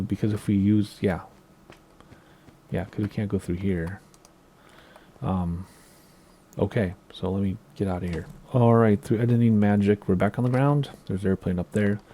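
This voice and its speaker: American male gamer, low and warm, laid-back rambling commentary. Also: normal speed, slight background noise. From United States. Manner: relaxed, rambling, many ums and asides. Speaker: Minecraft video creator. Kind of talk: casual gameplay tour commentary.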